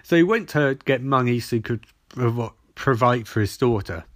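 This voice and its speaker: Male podcast host, casual recap, profane and meandering, average pitch, dead-dry sound. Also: expressive, normal speed, no echo. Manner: rambling, profane, loses track.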